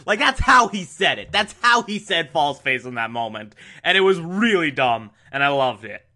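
A man recapping and reviewing an old TV episode in a casual monologue, sarcastic and exasperated, with sudden jumps in pitch for emphasis. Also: sing-song, normal speed, sharp tone.

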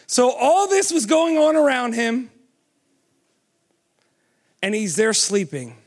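High-voiced preacher man. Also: sing-song. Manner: asks the audience many questions, urging with "come on"; pace swings from quick to slow and drawn out. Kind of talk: sermon.

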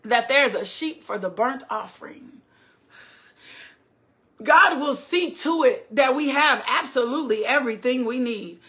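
A woman's voice: sits high, unhurried, pushed and bright. A woman preaching a sermon with fervent, repetitive, building cadences.

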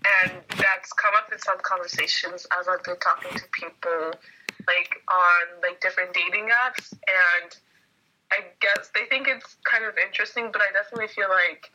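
A woman's voice: lowish voice, steady tone, normal speed, pushed and bright, slight background noise, poor audio. A young woman with an American accent, chatting casually as a guest, with many fillers. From United States. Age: young adult. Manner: chatty, frequent fillers and laughs. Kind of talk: casual conversation.

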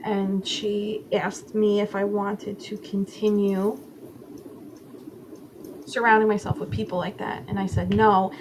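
A woman's voice: medium pitch, flat delivery, takes it slowly, noisy background. A woman guest in a casual interview, candidly telling a personal story and acting out her own inner voices, with many "like" fillers. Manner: frequent "like" fillers.

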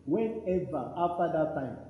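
A Nigerian man in his fifties preaching a sermon as a pastor, telling stories in an animated way and acting out the voices in them. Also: on the high side, a little slow, echoey room, narrow, tinny audio.

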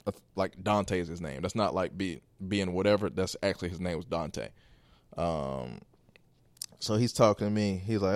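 Rambling low-voiced man telling a story. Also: moderate pace, dry recording. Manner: rambling, animated storytelling with quoted asides. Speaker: podcast host. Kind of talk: casual storytelling monologue.

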